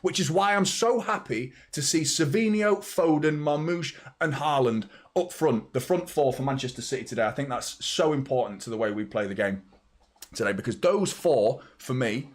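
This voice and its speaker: A man's voice: mid-range voice, animated, normal speed. A young English man hosting a live football watchalong, chatting casually and rambling to viewers by name. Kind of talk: casual live match chat.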